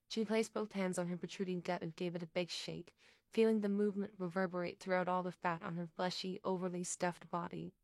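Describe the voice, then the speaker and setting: A woman narrating a story in a steady, even reading. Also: on the low side, brisk, no room sound, clean studio sound.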